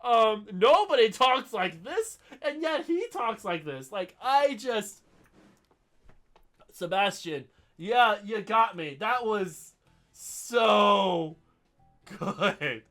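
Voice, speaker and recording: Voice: mid-range voice, expressive, extremely slow, fairly bright tone, faint music behind. A podcast host with a scratchy throat, chatting casually on a solo show, rambling with lots of fillers and giggles.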